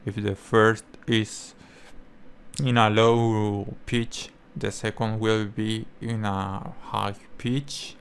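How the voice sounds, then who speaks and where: A young man whose first language is Spanish, explaining language learning in halting English full of fillers and restarts. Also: lowish voice, flat delivery, clean tone. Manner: halting, many fillers and restarts, non-native phrasing. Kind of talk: casual explanatory talk.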